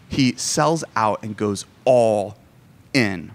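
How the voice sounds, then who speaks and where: Animated, joking male preacher. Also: fairly high pitch, normal speed. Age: 40s. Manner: animated, joking, self-deprecating. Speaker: pastor. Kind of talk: sermon.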